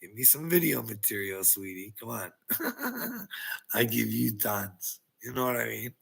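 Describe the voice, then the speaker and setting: A man's voice: mid-range voice, sing-song, a little slow, gravelly, a bit bright, slightly rough. A man delivering a taunting, profane rant at his critics, mocking them and laughing often. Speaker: online video creator. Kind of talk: ranting monologue to critics.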